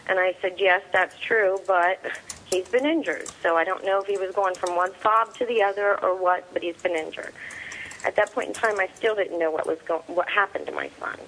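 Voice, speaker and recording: A middle-aged woman giving an interview as a soldier's mother. She tells her story in a plainspoken, halting way, quoting what each person said. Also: mid-range voice, fairly bright tone, a little hiss or hum, low-quality recording. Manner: plainspoken, retells events through quoted dialogue; halting, with frequent fillers and restarts.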